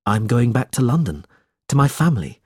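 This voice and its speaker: A man voicing an earnest, kind young man who speaks gently, in a storybook reading. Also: mid-range voice, sing-song, a little fast, slightly rough, no echo, studio quality.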